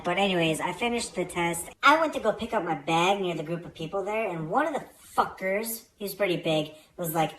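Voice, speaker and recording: A woman's voice: on the low side, fairly quick, few pauses, fairly bright tone, low-quality recording. A woman telling a casual storytime to her phone, blunt and laid-back and swearing freely. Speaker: storyteller recounting a fitness test.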